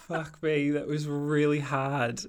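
A woman's voice: low-pitched, little pitch movement, slow pace, a little hiss or hum. A woman co-hosting a podcast in casual chat, laughing a lot and swearing casually. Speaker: podcast co-host.

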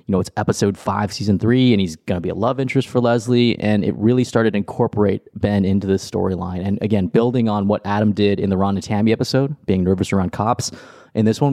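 A man's voice: fairly low pitch, a little mellow, no echo, studio quality. A man hosting a podcast, talking casually and often chuckling as he rambles. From Los Angeles. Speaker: podcast host. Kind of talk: casual chat.

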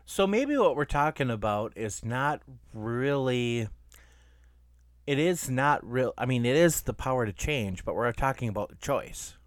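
A man co-hosting and editing a podcast, easygoing and quick to agree with his partner. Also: medium pitch, animated, dry recording, clean studio sound. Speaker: podcast co-host and editor. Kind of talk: casual podcast chat.

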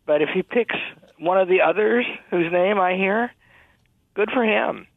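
A male college president as a radio guest, speaking in a halting, hesitant way with many fillers. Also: high-pitched, gravelly, no echo. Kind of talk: radio interview. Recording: phone-line audio.

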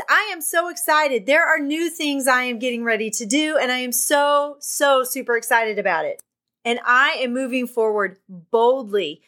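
Bright, excited midlife woman host. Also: a little high. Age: middle-aged. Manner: enthusiastic, faith-filled pep talk. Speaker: podcast host. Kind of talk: excited podcast monologue.

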